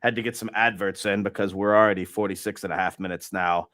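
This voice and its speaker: A man's voice: deep voice, fairly even intonation, quick pace, fairly bright tone, dry recording, studio quality. A man co-hosting a fan football show, talking in an emphatic, opinionated way. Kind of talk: casual football chat.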